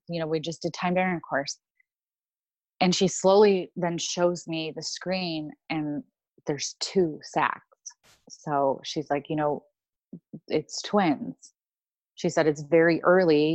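A young woman appears as a podcast guest, telling a personal story in casual chat. She rambles, with lots of fillers and restarts, in a low-pitched voice on a dry recording.

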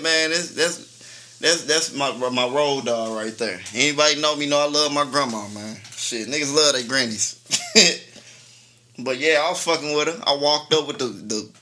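A man's voice: fairly high pitch, moderate pace, pushed and bright. A man co-hosting a casual talk show, telling a long story in a laid-back, profane way and laughing often. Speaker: podcast co-host.

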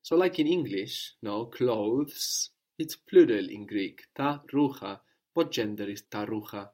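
A man teaching a spoken language lesson, patiently prompting his student and repeating each answer slowly. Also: lowish voice, lively intonation, dark tone.

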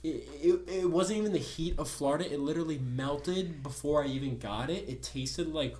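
A man with a South Jersey accent, co-hosting a podcast in casual chat, telling a story in a loud, ranting, swearing way. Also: on the high side, normal speed, reverberant. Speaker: podcast co-host.

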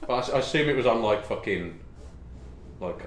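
A man's voice: medium pitch, expressive, brisk, a little hiss or hum. Giggly rambling young man. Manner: giggly, rambling, swears a lot. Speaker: podcast co-host. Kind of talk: casual chat. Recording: echoey room.

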